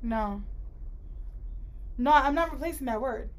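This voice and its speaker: A woman's voice: high-pitched, unhurried. Wry, argumentative woman podcast co-host. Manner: wry and argumentative, pushes back and jokes. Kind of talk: casual book-club chat.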